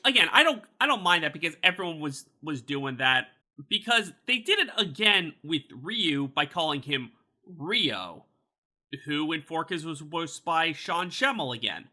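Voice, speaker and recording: A man hosting a casual podcast chat, animated, incredulous and swearing freely. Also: a little high. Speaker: podcast host.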